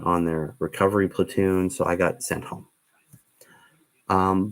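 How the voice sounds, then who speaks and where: A man hosting a livestream, telling stories in a casual, meandering way with many ums and restarts. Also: low-pitched. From Canada. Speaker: livestream host. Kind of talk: rambling livestream storytelling.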